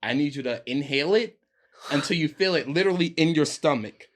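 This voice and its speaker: Animated young man telling a story. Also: a little high, fairly quick. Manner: animated, laughing, voices friends in quotes. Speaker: podcast guest, actor. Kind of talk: casual storytelling chat.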